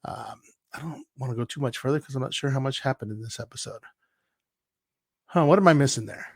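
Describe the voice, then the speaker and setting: A man co-hosting a podcast, retelling an episode in a rambling, animated way with playful asides. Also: medium pitch, a little fast, husky, no echo, studio quality. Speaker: podcast co-host. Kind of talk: casual chat.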